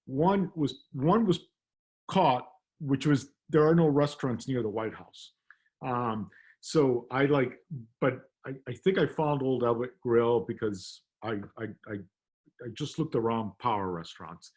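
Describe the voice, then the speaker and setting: A playwright from Cuba chatting over a video call, wry and self-deprecating. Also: male voice, mid-range voice, unhurried, darkish tone. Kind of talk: casual video-call chat.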